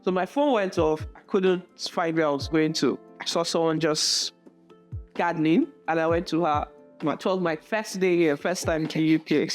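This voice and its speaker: A Nigerian woman, a student teacher, telling stories in a relaxed interview and often restarting or repeating words. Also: deep voice, normal speed, soft background music. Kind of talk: casual interview storytelling.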